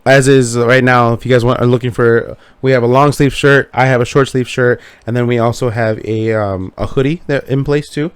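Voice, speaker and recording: A man's voice: mid-range voice, fairly even intonation, normal speed, few pauses, clear, resonant tone, dry recording. A man co-hosting a podcast, chatting casually, swearing freely and telling a joke with laughs along the way. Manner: loose, swears often, tells jokes with laughter. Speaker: podcast co-host. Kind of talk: casual chat.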